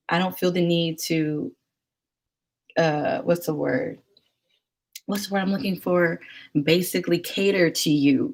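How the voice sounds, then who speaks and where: A woman's voice: on the low side, a little mellow. A young woman vlogger telling a story in casual chat, acting out the people she quotes and laughing often.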